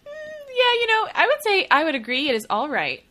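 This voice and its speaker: A woman co-hosting a film podcast in casual chat, chatty and joking with quick asides. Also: sits high, sing-song, sharp tone. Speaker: podcast co-host.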